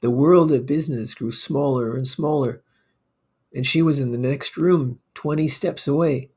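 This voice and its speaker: A man reading a story aloud in a slow, measured way. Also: medium pitch, darkish tone, breathy edge. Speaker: narrator.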